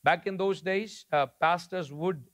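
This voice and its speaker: High-voiced preacher. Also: male voice, a little slow. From India. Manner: conversational preaching, shifting between soft storytelling and emphatic declarations. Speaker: pastor. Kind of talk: sermon.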